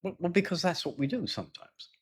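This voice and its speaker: A man's voice: high voice, animated, quick pace, a bit bright, slightly rough. A middle-aged man teaching IELTS speaking in a chatty way, checking in with "yeah?" and acting out sample dialogues. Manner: chatty, stops to ask "yeah?" and "right?"; acts out sample dialogues in a raised voice. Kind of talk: live lesson talk.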